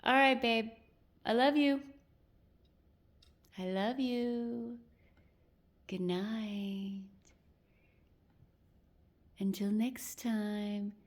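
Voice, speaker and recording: A woman filming a casual vlog while cat sitting, talking to a kitten in sweet, high baby talk, recorded indoors at home. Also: steady tone, extremely slow, pauses often.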